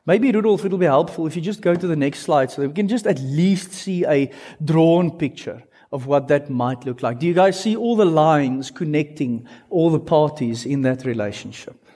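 A man delivering a teaching sermon in a slightly high voice. He is animated and stretches key words for emphasis. He breaks in with questions and playful asides to his listeners. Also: moderate pace. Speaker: pastor.

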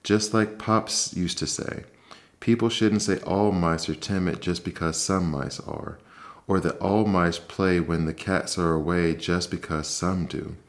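A man voicing an eager, restless young male mouse in a soft-spoken ASMR bedtime story reading, with a bold, boastful manner. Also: sits low, steady tone, a little slow.

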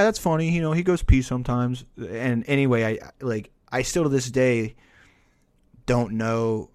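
A man's voice: medium pitch, a little mellow, no echo. A young adult man telling a long, profane, rambling story in casual podcast chat. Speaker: podcast host.

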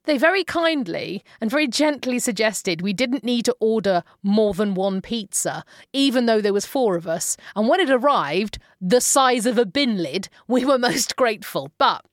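Chatty English woman with a lively voice. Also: medium pitch, normal speed, no echo, clean studio sound. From England. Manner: chatty, amused, expressive. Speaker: podcast host. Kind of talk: casual storytelling monologue.

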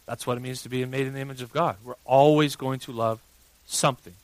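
A man in his thirties, a pastor preaching a sermon and telling a family story with big swings from hushed to loud. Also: mid-range voice, steady tone, fast talker, no echo, low-quality recording.

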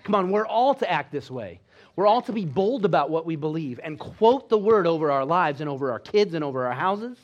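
Male preacher, fairly high voice; exhorting sermon delivery, loud bursts and quiet drops. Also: big pitch swings, fairly quick, muffled recording. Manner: exhorting, with call-and-response asides; swings between loud emphasis and quiet, low delivery. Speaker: pastor.

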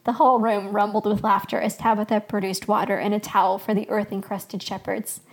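A woman's voice: medium pitch, flat delivery, a little fast. A woman podcast host reading her own story aloud as scripted narration.

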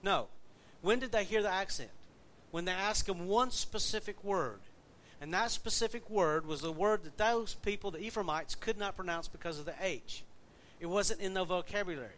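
A man preaching a sermon in a relaxed, conversational way, checking in with his listeners with questions as he goes. His voice sits slightly high. A faint low rumble hums behind him. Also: moderate pace. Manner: conversational, asks the congregation questions. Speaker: pastor.

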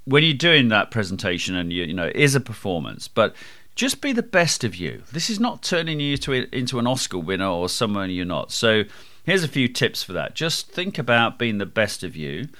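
A man hosting a podcast on presentation skills, with a projecting, booming voice and an emphatic delivery that he slows and speeds for effect. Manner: lively, emphatic, varies pace and loudness for effect. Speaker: podcast host.

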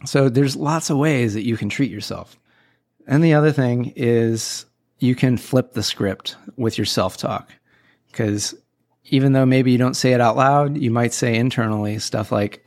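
A man's voice: mid-range voice, a little slow, a little mellow. A man hosting a podcast, talking casually and giving upbeat, encouraging self-help advice with a playful touch. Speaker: podcast host.

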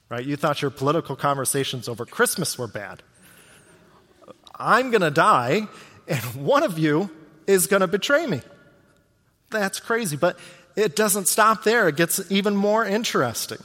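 A man's voice: on the high side, pushed and bright, big-room sound. A man preaching a sermon as pastor, talking in a conversational way and often asking his listeners rhetorical questions.

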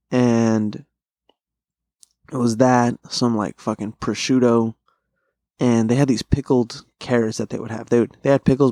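On his solo podcast, a young man delivers a casual, rambling monologue of food stories, heavy on slang and swearing. The voice is medium in pitch with a darkish tone, recorded dry and studio-quality on a close mic.

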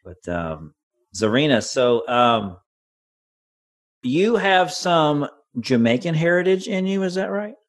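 A man hosting a podcast, asking relaxed follow-up questions and affirming his guest. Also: fairly high pitch, takes it slowly. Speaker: podcast host. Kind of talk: casual interview.

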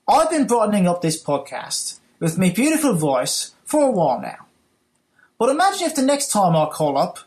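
A man with a put-on British accent voicing a pompous gentleman caller in a comic, profane voicemail rant. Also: sits high. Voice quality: mock-haughty, profane.

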